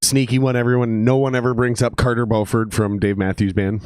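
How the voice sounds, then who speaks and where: With clean studio sound and no echo, a young man with an Upper Midwest American accent hosts a casual podcast chat, sounding exhausted, loose, and given to swearing. His mid-range voice is a little mellow and clean in tone, with little pitch movement and a slightly fast pace.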